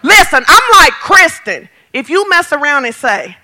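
High, bright-voiced woman preacher. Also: a little slow, some chatter behind. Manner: animated, humorous, builds to shouts. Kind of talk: sermon.

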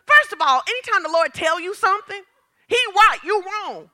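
High, bright-voiced woman preaching. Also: normal speed. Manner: animated storytelling, acts out quotes with big pitch jumps. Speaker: pastor. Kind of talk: sermon.

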